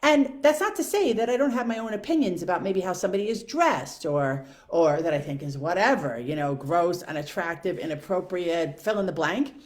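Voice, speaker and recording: A woman speaks straight to her viewers in a reflective vlog, turning her own thoughts over with candid, self-questioning honesty. Her voice sits on the lower side but swings widely in pitch, which keeps her casual musings lively. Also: a little fast, hardly any pauses. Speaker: video blogger. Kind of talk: reflective personal monologue.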